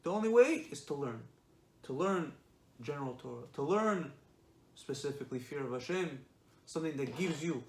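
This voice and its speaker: A man giving a religious lesson, emphatic and repetitive, often asking rhetorical questions. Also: a little high. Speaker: Torah lecturer. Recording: echoey room.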